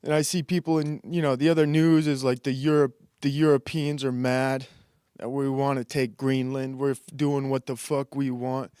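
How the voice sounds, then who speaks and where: A man's voice: mid-range voice, level tone, normal speed, mellow, clear, resonant tone, no echo, studio quality. A man hosting a comedy commentary show, ranting in a crude, sarcastic and rambling way, laughing and putting on mock voices. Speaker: host.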